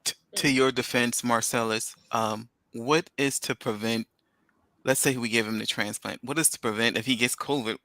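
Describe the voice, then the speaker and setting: A man's voice: medium pitch, fairly even intonation, moderate pace, sharp tone, no room sound. A man joining a casual opinion chat, wry and laughing as he argues.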